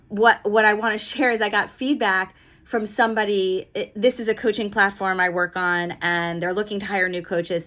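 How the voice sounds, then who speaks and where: A woman who coaches leaders gives a casual motivational talk. She speaks in a chatty, enthusiastic way, with warm feeling and frequent fillers and restarts. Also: mid-range voice.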